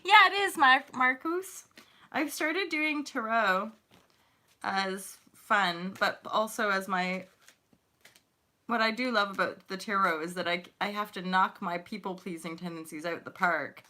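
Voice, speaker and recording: Bright, chatty, swearing woman. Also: mid-range voice, unhurried. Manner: chatty, profane, laughs often. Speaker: spiritual coach and livestream host. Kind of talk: casual livestream chat reading comments.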